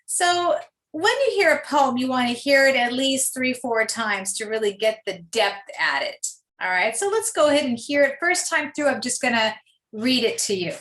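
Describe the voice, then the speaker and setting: Woman teacher, high voice, bright tone, slow deliberate reading, poetry lesson. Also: expressive. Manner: slow, deliberate, gently instructive. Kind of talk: poetry lesson with read-aloud. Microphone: computer mic, screen-share lesson.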